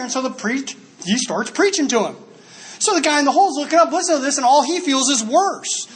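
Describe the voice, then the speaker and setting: Man from dallas, high voice, animated storytelling, recovery convention talk. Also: fast talker. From Dallas, Texas. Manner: animated storytelling, laughs often. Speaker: AA speaker.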